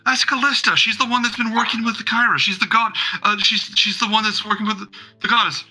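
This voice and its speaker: Nosy spectators in a fantasy crowd, as a man puts them on, chattering and bickering in a raised, bright voice. They talk over each other with eager gossip. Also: high-pitched, fairly even intonation, fast talker, faint music behind, voice pushed up, heavily acted.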